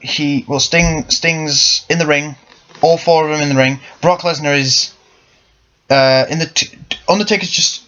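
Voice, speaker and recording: Here a young male vlogger with a fairly bright, higher-leaning voice chats about wrestling in a loose, rambling way. He frequently catches and fixes his own words, and the audio is lo-fi and muffled.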